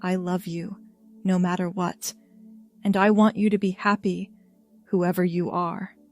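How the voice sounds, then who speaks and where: A woman voicing a gentle, loving middle-aged mother who speaks softly and soothingly. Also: fairly low pitch, level tone, a little slow, faint music behind, lightly acted. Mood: tender. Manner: soft, tender and soothing.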